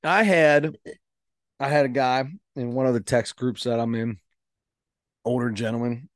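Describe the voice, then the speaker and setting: A man's voice: medium pitch, measured pace, dry recording, studio quality. A man with a Midwestern American accent, co-hosting a casual podcast and telling stories with playful ribbing. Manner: animated storyteller, playful ribbing. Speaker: podcast co-host. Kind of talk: casual chat.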